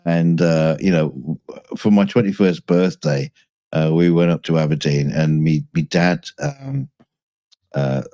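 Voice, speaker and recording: A man from Scotland with a Scottish accent worn down by years in England, co-hosting a casual chat and telling stories in halting, restarting bursts. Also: very deep voice, animated, dark tone, no room sound. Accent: Scottish, softened by years in England. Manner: halting, many restarts, chuckling. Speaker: co-host.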